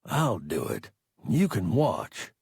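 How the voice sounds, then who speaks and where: A man's voice: deep voice, huge pitch swings, slow pace, vocal fry, darkish tone, husky, dry recording, studio quality, pitched below the performer's own voice, full character voice. A man voicing a stern, curt spaceship captain who gives short commands in an audiobook. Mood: commanding.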